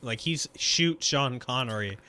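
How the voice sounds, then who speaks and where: A man's voice: mid-range voice, animated, measured pace, sharp tone. A man guesting on a casual film podcast, talking loosely and laughing as he rambles.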